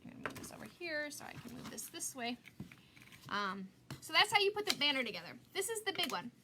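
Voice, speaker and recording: A woman's voice: high voice, big pitch swings, fast, background noise. A middle-aged woman hosting a casual live craft demo, chatty and self-mocking, laughing at herself often.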